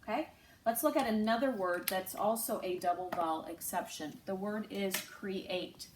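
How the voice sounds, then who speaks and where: A woman teaching a recorded phonics lesson to third graders, speaking slowly and clearly and drawing out each sound. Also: mid-range voice, noisy background. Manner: slow, clear, patient teacher talk with drawn-out sounds. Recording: echoey room, distant mic.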